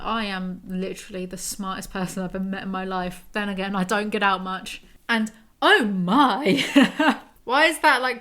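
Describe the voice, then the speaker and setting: A woman in her twenties has a medium-pitched, fairly bright, smooth voice. She is a book reviewer giving a comedic breakdown, reading passages aloud and throwing in sarcastic, self-mocking asides.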